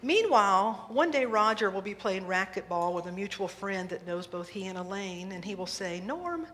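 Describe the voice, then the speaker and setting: A woman minister preaching a sermon, telling a humorous story in lively fashion in a church sanctuary. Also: mid-range voice, normal speed. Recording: reverberant hall, faint noise.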